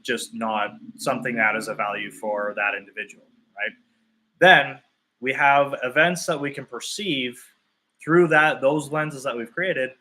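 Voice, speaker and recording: Bright-voiced male fitness coach thinking aloud. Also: medium pitch. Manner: explains through drawn-out hypothetical examples; loose and conversational, thinking aloud. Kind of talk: live talk to clients.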